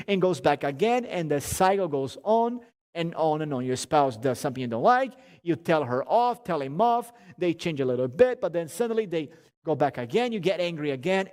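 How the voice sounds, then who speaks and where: A man giving a conversational marriage seminar talk, animated and humorous, often restarting and repeating words. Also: fairly high pitch, in a large hall.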